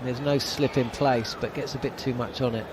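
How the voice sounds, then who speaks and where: A man's voice: mid-range voice, fairly even intonation, moderate pace, background noise. A man giving live ball-by-ball radio cricket commentary, chatty and wry.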